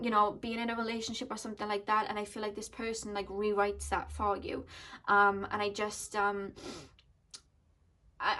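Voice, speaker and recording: A woman's voice: mid-range voice, sharp tone. A woman giving an intuitive tarot reading to her viewers, speaking earnestly and thinking aloud as she goes. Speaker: tarot card reader.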